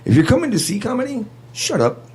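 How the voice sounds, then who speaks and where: A man's voice: very high voice, huge pitch swings, fast, a little mellow, husky. A man hosting a talk show, chatting casually and giving blunt, emphatic opinions. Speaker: show host. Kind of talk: casual chat.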